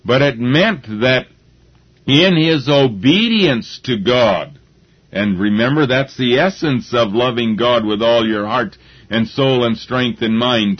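A man preaching a sermon, slow and deliberate, with halting restarts as he gathers his thoughts. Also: mid-range voice. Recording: dull lo-fi recording.

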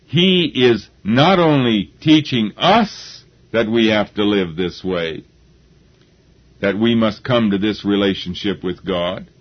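A man preaching a sermon, slow and deliberate, with halting restarts as he gathers his thoughts. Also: mid-range voice. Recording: dull lo-fi recording.

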